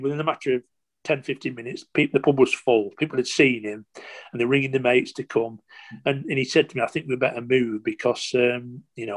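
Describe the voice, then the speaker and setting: Older male, ex-footballer guest; chatty, halting storyteller, acts out old conversations. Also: mid-range voice, slightly rough. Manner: rambling anecdotes with many restarts and quoted dialogue. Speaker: former footballer. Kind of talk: interview storytelling.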